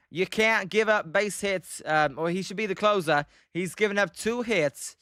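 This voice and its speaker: This British live-stream host does casual play-by-play at a moderate pace with hardly any pauses, his high voice bright, smooth and clear. Between pitches he chats with viewers, responding to their messages and using plenty of fillers, all captured in a close, dry recording.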